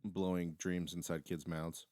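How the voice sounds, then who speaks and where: Deep-voiced wisecracking man, dry sound. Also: flat delivery, unhurried, a little mellow, dry recording. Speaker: podcast co-host. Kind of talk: casual chat.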